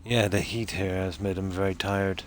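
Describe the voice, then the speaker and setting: A deep-voiced man streams a video game from a room at home, chatting with viewers about the game and his pets. He keeps his voice soft so his sleeping dogs stay asleep, staying relaxed and unhurried with some fillers. There's slight background noise.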